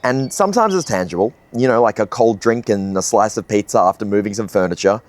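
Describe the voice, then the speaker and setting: A young man with a fairly low voice talks to his viewers in a relaxed, conversational way. His tone is earnest and reflective, and he sometimes drops in a casual swear word. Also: brisk. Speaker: video essayist. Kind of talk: reflective vlog monologue.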